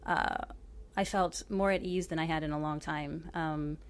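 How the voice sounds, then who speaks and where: A woman's voice: deep voice, steady tone, measured pace. A woman from Oklahoma giving a book talk, telling her travel story in a chatty, self-deprecating way with lots of fillers and a short reading. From Oklahoma, USA.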